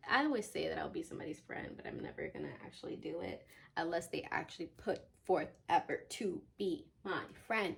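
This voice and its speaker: Young woman, vlogger, gravelly fry, blunt exasperated rant, casual filler-heavy talk. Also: sits low, big pitch swings, moderate pace, few pauses.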